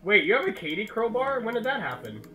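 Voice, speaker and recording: A man's voice: high voice, sing-song, fast talker, bright, forceful tone, breathy edge. A man in his twenties, joking around dramatically in a casual group voice call. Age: 20s. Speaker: stream guest.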